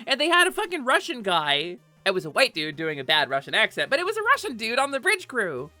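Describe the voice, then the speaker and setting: A woman's voice: fairly low pitch, very animated, quick pace, sharp tone, soft background music. A woman streamer chatting casually and animatedly on a live stream, swearing offhand and laughing often. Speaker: Twitch streamer.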